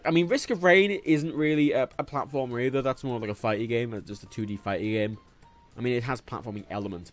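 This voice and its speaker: A young English man with a faint Liverpool twinge, rambling and swearing freely as he chats on a gaming livestream. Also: medium pitch. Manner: rambling, swears freely, jumps between topics. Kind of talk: casual gaming livestream chat. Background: faint game music.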